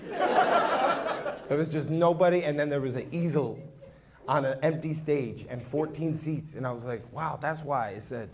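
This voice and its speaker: A man's voice: on the high side, sing-song, measured pace, pauses often. A man doing a stand-up set in a small comedy club on a handheld mic, brash and profane, teasing the audience. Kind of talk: stand-up set with crowd work. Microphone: handheld microphone. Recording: noisy live club with loud crowd. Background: audience laughter.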